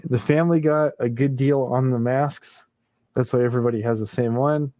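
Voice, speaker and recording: A man's voice: medium pitch, steady tone, moderate pace, warm tone, no room sound. A man hosting a casual late-night livestream, chuckling often and reading viewer comments aloud. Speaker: livestream host.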